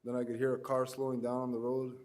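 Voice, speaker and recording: A man's voice: medium pitch, completely flat delivery, fast, darkish tone. A man presenting at an education forum, telling rambling, self-deprecating anecdotes with many restarts. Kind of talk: anecdotal storytelling talk.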